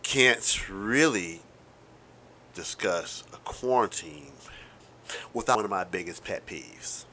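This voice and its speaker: A man in his thirties riffs through a casual solo monologue, talking fast with wry, profane asides. His voice sits a little low yet sounds bright and forward. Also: lively intonation, slight background noise. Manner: self-described fast talker. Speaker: podcast host.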